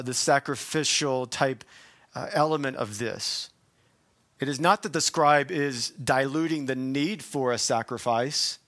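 A man preaching a sermon, emphatic, slowing to stress key phrases, with casual asides and self-corrections. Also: mid-range voice, fairly bright tone. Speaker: pastor.

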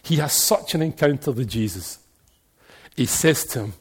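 A middle-aged man with a Glaswegian accent preaching a sermon, telling animated stories and jokes and now and then breaking into shouts. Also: medium pitch, moderate pace, pauses often, a little hiss or hum.

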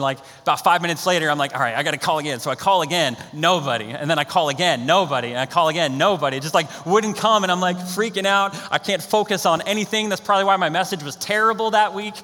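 A young male pastor delivers a sermon, acting out the voices in his stories. His voice is bright and a little higher than most men's. The sound carries a long reverb from the large hall around him. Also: quick pace. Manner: animated storytelling, acts out quotes.

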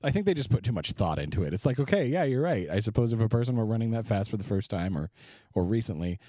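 A man's voice: fairly low pitch, animated, fast, warm tone, no room sound. A man co-hosting a podcast, chatting casually with an opinionated, sarcastic delivery. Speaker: podcast co-host. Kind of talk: casual chat.

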